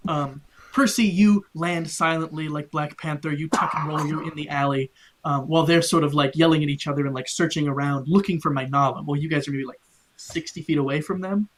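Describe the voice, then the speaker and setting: Game master talking through a tabletop scene, mid-pitch, lots of likes and ums. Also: fairly even intonation, brisk, slight background noise. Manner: loose, filler-heavy narration with lots of "like" and "um".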